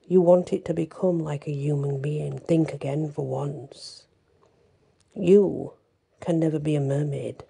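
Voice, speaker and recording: A woman's voice: sits low, gravelly, mellow, breathy edge, exaggerated voice. A woman voicing a scheming old sea witch, menacing and partly whispered.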